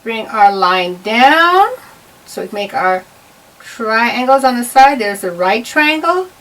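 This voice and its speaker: A woman's voice: a little high, expressive, slow pace, a bit bright. A woman giving a patient, step-by-step drawing lesson to children. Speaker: art teacher. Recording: voice a bit far from the mic.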